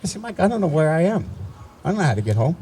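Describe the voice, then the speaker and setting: A man's voice: a little high, big pitch swings, very fast, dark tone, slightly rough, low-quality recording. A man in his sixties from New Jersey, speaking at a memorial ceremony and telling family stories in a conversational way, with frequent restarts. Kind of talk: personal storytelling speech.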